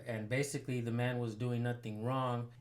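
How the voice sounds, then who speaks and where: A man's voice: mid-range voice, little pitch movement, moderate pace. A man hosting a citizen journalism channel, commenting casually and pressing a sheriff's station by phone. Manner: casual, rambling, filler-heavy.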